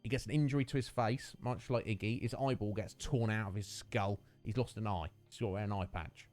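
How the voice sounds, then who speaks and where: A man's voice: on the low side, fairly even intonation, brisk, darkish tone, faint music behind. A man streaming a video game, chatting casually and rambling through a rant with lots of fillers. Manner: rambling, ranting, many fillers.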